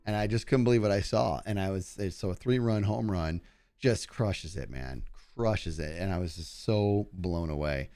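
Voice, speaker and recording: A man streaming a game live, telling excitable stories to his chat and narrating his play, his voice turning growly when he gets loud. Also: low voice, normal speed, no room sound, clean studio sound. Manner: excitable storyteller, talks to chat while playing.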